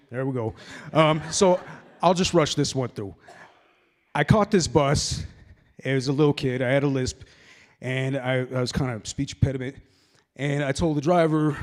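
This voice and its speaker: Man, forties, stand-up comic, rambling, swears freely, reverberant hall. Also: fairly high pitch. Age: 40s. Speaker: open mic performer. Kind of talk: stand-up comedy set. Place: hall at a sober open mic night.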